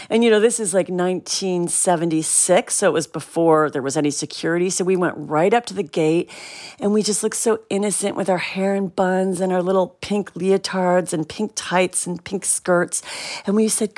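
A middle-aged woman from the Cleveland area tells a long story as an interview guest. Her voice sits fairly low, and she keeps it animated by acting out each quoted person. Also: normal speed. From Cleveland, Ohio area.

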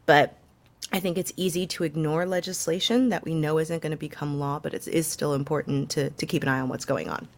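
A woman's voice: low voice, fairly even intonation, fairly quick. A woman co-hosting a casual news chat show, talking loosely with plenty of fillers. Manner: chatty, lots of fillers and laughs. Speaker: co-host.

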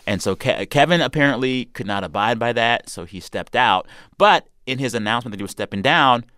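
A man's voice: mid-range voice, lively intonation, fairly quick, pushed and bright, clean tone, no room sound, studio quality. A man hosting a chat show, running a quiz and telling news stories in a wry, playful way. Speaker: show host.

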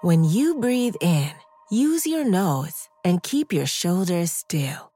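Woman host for a kids' affirmation show, unhurried and melodic, encouraging, soft music under her. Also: fairly low pitch, big pitch swings, breathy edge. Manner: gentle, encouraging, sing-song. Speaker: podcast host leading children's affirmations. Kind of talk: guided breathing and affirmations for kids.

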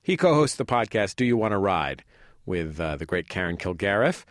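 A man's voice: sits low, very animated, moderate pace, no echo, studio quality. A man hosting a podcast, introducing a comedy clip and reading announcements casually. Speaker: podcast host. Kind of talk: show announcement.

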